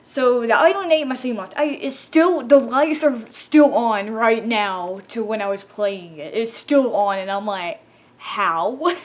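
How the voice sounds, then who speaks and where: A woman telling a casual, animated story about her game mishaps, laughing often and acting out her own exclamations. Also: on the high side, measured pace, hardly any pauses. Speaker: gaming storyteller.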